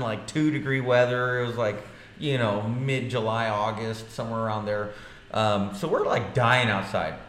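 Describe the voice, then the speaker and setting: A man in his thirties, a podcast co-host, telling a story in casual chat, animated and profane, acting out the dialogue. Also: medium pitch. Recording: echoey room with faint noise.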